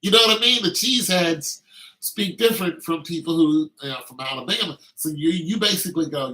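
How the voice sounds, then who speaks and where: A man's voice: a little high, fairly quick, bright, forceful tone, rough recording. A man talking in a casual, meandering monologue, telling anecdotes with lots of fillers.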